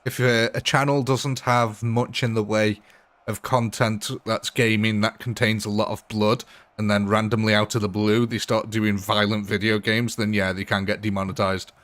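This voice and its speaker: A man's voice: fairly low pitch, level tone, moderate pace, a bit bright. A man live-streaming a game, chatting casually, answering viewers' comments and laughing often. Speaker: gaming livestreamer.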